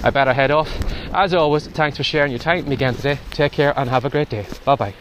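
A medium-pitched male voice comes out fast from a podcast host on a casual walking vlog. He's outdoors in strong wind and rain, slightly out of breath, and his tone is chatty and advisory.

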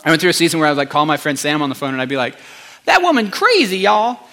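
A male pastor giving a conversational sermon, animated, with chatty asides to the congregation. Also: fairly high pitch, very fast.

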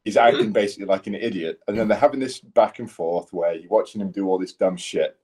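Brief: low dark-voiced tattoo artist guest, rambling and sweary. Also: male voice, fast talker, a little hiss or hum. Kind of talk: casual chat.

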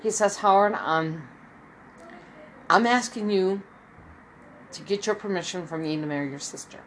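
The audio is poor, with slight background noise, as a woman in her fifties talks at a normal pace. She spins a rambling personal anecdote, imitating the people she quotes through shifting pitch.

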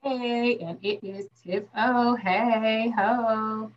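A woman co-hosting a podcast in casual recap chat, animated and acting out quotes. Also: very slow. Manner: animated, acts out quotes with rising pitch. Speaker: podcast co-host. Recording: distant, dull lo-fi mic with faint noise.

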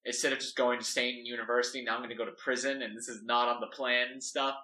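A man's voice: mid-range voice, little pitch movement, quick pace, pushed and bright, lightly acted. A man voicing an anxious young fish student who whines about breaking the rules. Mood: panicked. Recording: echoey room, mic at a distance.

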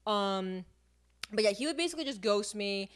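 A woman's voice: mid-range voice, lively intonation, normal speed, smooth. A woman in her twenties, a podcast co-host, talking candidly and telling a personal story with lots of fillers. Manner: chatty, filler-heavy, vivid storytelling. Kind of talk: candid casual chat.

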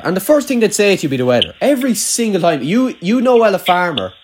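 Fast-talking and high-voiced with a breathy edge, this young Irish man swings his pitch a lot. His rural accent comes through in a casual, rambling chat heavy on swearing and "like".

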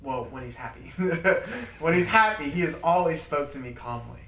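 A man teaching a small group in a relaxed, lively way. He leans on repetition and often laughs mid-story. His voice sits a little high and comes from some distance off the mic, in a roomy space with a faint hiss underneath. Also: moderate pace. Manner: animated, emphatic repetition, laughs while telling stories. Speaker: Bible study leader.

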